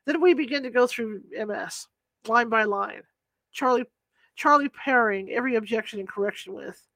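A woman narrating a story aloud in a steady, plain storytelling manner, as an audiobook reader. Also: on the high side, moderate pace, vocal fry, dry recording.

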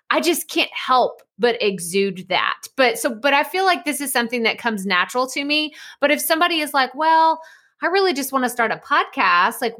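A woman's voice: a little high, sharp tone. A woman podcast host interviewing a guest over a video call, chatty and enthusiastic, with frequent giggles. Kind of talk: casual interview chat.

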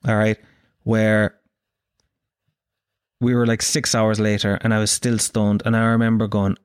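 An Irish man in his thirties telling a profane, animated anecdote in casual chat, acting out the quotes. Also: lowish voice, measured pace, smooth, no echo, clean studio sound. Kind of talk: casual storytelling.

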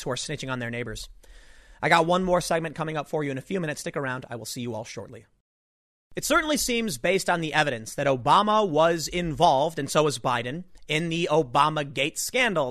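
A man with a fairly high voice hosts his own political commentary. He talks in an animated, emphatic way and peppers his points with rhetorical asides. The recording is dry and close, with no room sound. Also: dry recording.

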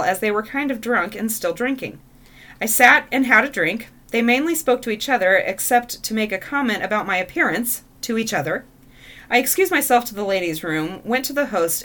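A woman co-host reading dating stories aloud and reacting with laughter. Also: mid-range voice. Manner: expressive, laughs often.

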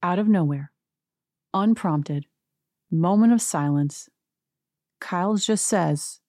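A woman's voice: on the low side, normal speed, darkish tone, no room sound, studio quality. A woman hosting a podcast, recapping reality TV in a chatty, gossipy, wry way. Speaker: podcast host.

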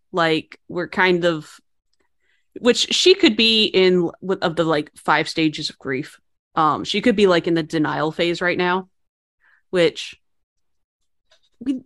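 A woman's voice: lowish voice, a little slow, a bit bright. A woman co-hosting a casual podcast, chatting bluntly about a TV episode. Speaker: podcast co-host. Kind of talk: casual TV recap chat.

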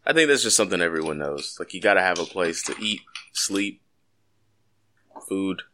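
A man's voice: low voice, lively intonation, moderate pace, sharp tone, a little hiss or hum. A man co-hosting a podcast in casual, joking chat, swearing freely. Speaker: podcast co-host.

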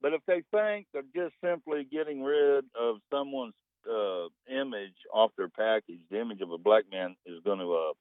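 A man's voice: mid-range voice, moderate pace, no room sound. Guy calling into radio, rambling, wry, phone line sound, dry. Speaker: caller. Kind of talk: phone-in chat.

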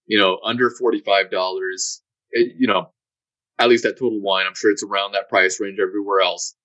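A man's voice: on the low side, level tone, brisk, pushed and bright, no echo, lo-fi sound. Stammering man in casual podcast chat. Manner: stammering, repeats words often. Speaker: podcast co-host.

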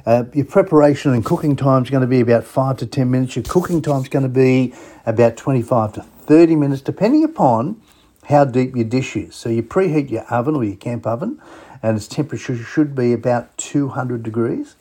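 Australian man, radio host, casual folksy chat, husky voice, enthusiastic. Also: medium pitch, fairly quick, mellow. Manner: chatty, folksy and enthusiastic, talks to listeners directly. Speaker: host of a travel radio show.

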